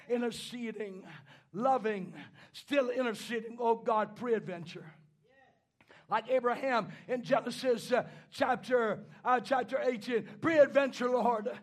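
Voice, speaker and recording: A man preaching a sermon, moving from quiet, halting storytelling into impassioned shouting. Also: sits high.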